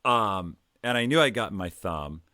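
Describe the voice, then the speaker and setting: Calm, low-voiced middle-aged man from Ohio. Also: no room sound, studio quality. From Ohio, United States. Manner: calm, measured, hesitant with fillers. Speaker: podcast guest, tech executive. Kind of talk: conversational storytelling.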